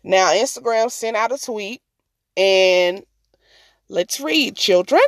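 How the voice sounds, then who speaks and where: A woman's voice: mid-range voice, takes it slowly, long pauses, no echo. A woman giving casual, brash commentary on a vlog, scolding and joking, then talking herself down. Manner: sassy, brash, talks to herself to calm down. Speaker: vlogger.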